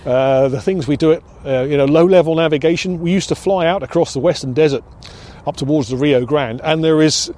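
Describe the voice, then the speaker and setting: A man's voice: on the high side, brisk, few pauses, dark tone. An older British man, a former pilot instructor, reminiscing in an oral history interview with frequent hesitations and restarts. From United Kingdom. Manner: reflective, many restarts and hesitations.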